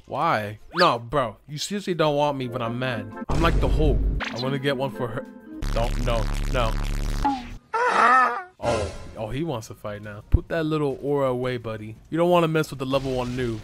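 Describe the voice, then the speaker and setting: A young man giving excitable commentary over his gameplay, laughing and yelping often. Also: mid-range voice, normal speed, music in the background. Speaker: gaming YouTuber.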